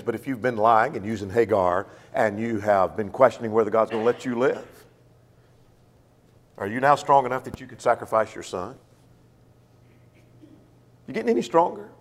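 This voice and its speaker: Animated preacher in a reverberant hall. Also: male voice, mid-range voice. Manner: questioning, emphatic, acts out quoted excuses. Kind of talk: sermon.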